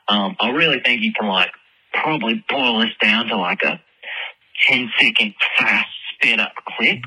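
A man's voice: lowish voice, moderate pace, sharp tone, husky, rough recording. Man telling a rambling story in a put-on Australian accent. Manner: rambling, self-deprecating, swears often. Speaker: storyteller in a played voice message. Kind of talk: casual storytelling monologue.

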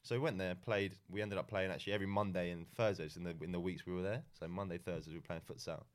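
Young guy, very low voice, laid-back rambling storyteller on a chat podcast. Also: fairly even intonation, fast talker. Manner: rambling, frequent ums and restarts, laid-back. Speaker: podcast guest.

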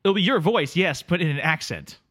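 A man's voice: fairly high pitch, lively intonation, brisk, fairly bright tone. A man playing a pushy, self-important audiobook studio engineer who talks down to his client and mutters asides, in a comedy sketch. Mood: exasperated. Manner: impatient, condescending, mutters asides.

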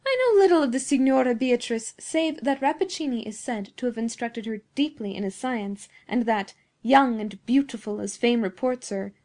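A woman's voice: fairly high pitch, darkish tone, lightly acted. A woman voicing an older male professor who is testy and wry, speaking in a dry, teasing way.

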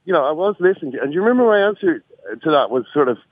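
A man's voice: a little high, sing-song, rapid-fire, no echo. An Irish man calls in from an airport and spins a rueful anecdote at his own expense. His voice comes through a thin, tinny phone line with no room around it. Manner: wry, self-mocking storyteller. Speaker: podcast regular calling in from an airport. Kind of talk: casual phone-in storytelling.

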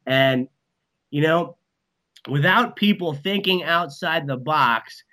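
A man in casual podcast chat, rambling and emphatic, peppering every line with swearing. His voice is forceful and bright and sits a little high for a man. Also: slow. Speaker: guest, band manager.

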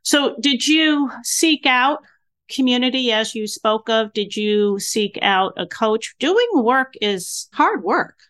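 A woman in her sixties hosting a podcast, chatting casually and telling stories with lively, acted-out reactions. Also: a little high, takes it slowly. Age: 60s. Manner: animated storyteller acting out her own reactions. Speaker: podcast host. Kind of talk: casual interview chat.

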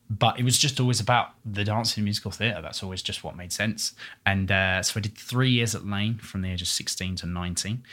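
A man's voice: low-pitched, fairly bright tone. A man, a musical theatre performer, chatting casually and telling stories with easy laughs. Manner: chatty storyteller, quick laughs, restarts. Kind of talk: casual chat.

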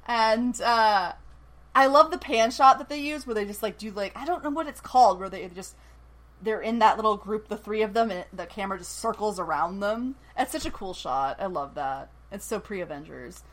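A woman's voice: mid-range voice, expressive, normal speed. A woman co-hosting a podcast, chatting casually about a TV episode with jokey, playful asides. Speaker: podcast co-host.

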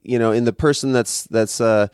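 A man's voice: mid-range voice, steady tone, moderate pace, a little mellow, clear, resonant tone, dry recording, studio quality. A man hosting a casual podcast chat, playful and fond of acting out quoted voices.

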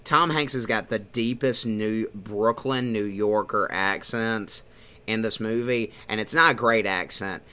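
A man with a fairly low voice hosts a laid-back movie discussion. He talks in an animated, rambling way, leaning on fillers as he builds his point. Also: unhurried. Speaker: podcast host. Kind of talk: casual movie review chat.

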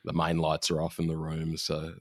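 A man's voice: a bass voice, completely flat delivery, moderate pace, a loud crowd. A man co-hosting a podcast, recapping an episode in a laid-back way with dry jokes. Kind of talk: casual chat.

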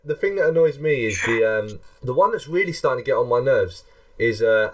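A man's voice: mid-range voice, expressive, brisk. Guy hosting a podcast, rambly and chatty, lots of restarts. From England. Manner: rambling, chatty, self-mocking, restarts a lot. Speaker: podcast host. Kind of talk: casual chat.

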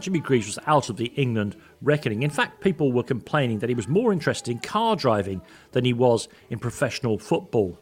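A man hosting a radio programme, narrating a scripted tribute with earnest personal storytelling. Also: mid-range voice. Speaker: radio host.

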